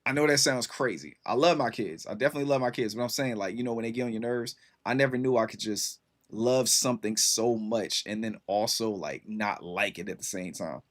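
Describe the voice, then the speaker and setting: A man's voice: fairly low pitch, fairly quick. A man in his thirties hosting a casual livestream, chatting with viewers in a laid-back, rambling way full of slang and fillers. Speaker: livestream host.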